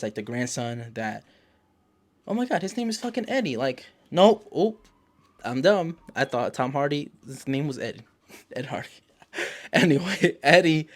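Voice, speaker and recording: A man hosting his own channel, giving a casual, rambling, profanity-laced recap of a TV episode. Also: mid-range voice. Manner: rambling, profane, self-correcting. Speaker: show host.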